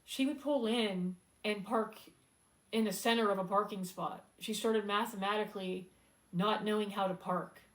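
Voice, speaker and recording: A woman talking casually on a live stream, heartfelt and close to tears, pausing often with fillers. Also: medium pitch, steady tone, rough recording. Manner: heartfelt, halting, many fillers, fighting back tears. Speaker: singer-songwriter hosting a live stream.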